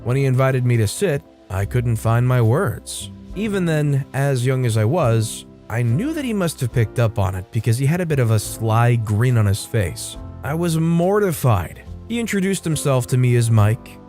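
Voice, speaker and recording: A man reading a first-person story aloud in scripted storytime narration, measured and expressive. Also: medium pitch. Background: faint background music.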